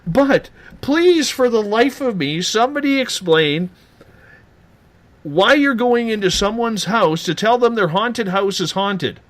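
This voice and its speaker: A man hosting a late-night radio talk show, animated and teasing as he rants. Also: high-pitched, a little slow.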